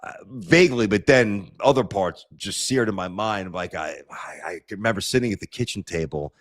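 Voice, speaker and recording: Blunt New York man, lowish voice. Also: moderate pace, dry recording, studio quality. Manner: blunt, animated storyteller with stammered restarts. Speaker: sports radio host, guest. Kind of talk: casual podcast chat.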